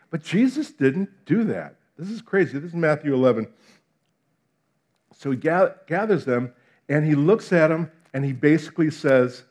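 Delivering a lively sermon, this middle-aged man from New Jersey speaks with a New Jersey accent at a moderate pace and fairly high pitch. He acts out quotes and moves between booming and hushed delivery.

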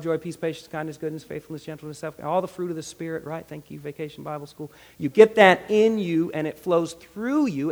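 A man preaching a sermon with animated delivery, jumping between loud emphasis and hushed asides, voicing quotes with character. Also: high-pitched, long reverb tail. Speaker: pastor.

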